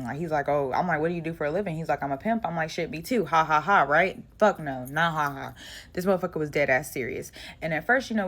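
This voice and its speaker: A young woman telling a storytime monologue in a blunt, animated and heavily profane way. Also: fairly low pitch.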